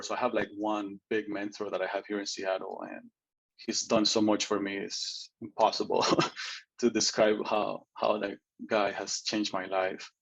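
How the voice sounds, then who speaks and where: As an interview guest, a man tells his personal story in an earnest, chatty way, often tacking on "right?" and laughing a little. His voice is fairly low and the sound is lo-fi.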